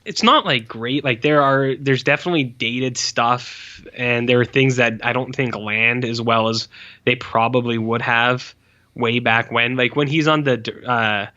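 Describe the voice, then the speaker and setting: This podcast co-host, a man in his 40s, gives a casual film review chat about an old movie, full of rambling, profane asides and fillers. His medium-pitched voice has a sharp tone and fairly even intonation, a little slow, on lo-fi sound.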